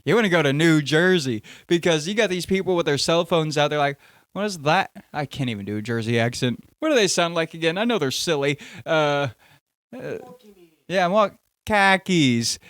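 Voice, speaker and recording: A man's voice: a little high, animated, fast talker, hardly any pauses, a bit bright, no room sound, studio quality. A young man hosting a casual podcast, rambling and joking, often cutting himself off mid-sentence. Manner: rambling, jokey, self-interrupting. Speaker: podcast host.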